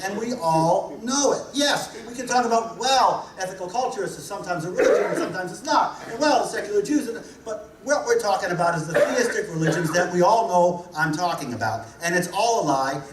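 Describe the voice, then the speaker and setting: A man's voice: high-pitched, a little hiss or hum. Blunt joking man in an echoey hall. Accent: New Jersey. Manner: blunt, joking, punchy repetition. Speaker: conference speaker. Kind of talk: humorous conference talk. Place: large hall. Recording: echoey hall recorded from a distance.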